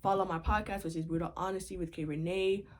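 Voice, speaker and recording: Lower-pitched woman gushing over books. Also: fairly even intonation, quick pace, darkish tone. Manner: gushing, repeats herself. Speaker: book vlogger. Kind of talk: casual book review vlog. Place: at home.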